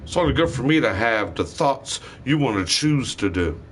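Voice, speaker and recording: A man's voice: mid-range voice, animated, normal speed, a little hiss or hum. A man delivering a rambling, angry monologue, swearing heavily and hurling accusations. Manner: heated, profane, accusatory ranting.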